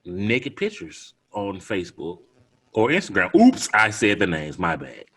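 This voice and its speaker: A man, co-hosting a podcast in animated, laughing casual chat. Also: on the low side, unhurried, slightly rough. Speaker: podcast co-host.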